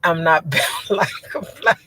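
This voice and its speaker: Woman host, livestream chat: low voice, rambling, quick to laugh, lots of fillers. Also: bright, forceful tone, no echo, rough recording. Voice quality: low voice she says sounds like a man's. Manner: chatty and rambling, laughs often, many fillers. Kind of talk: casual livestream chat reading viewer comments.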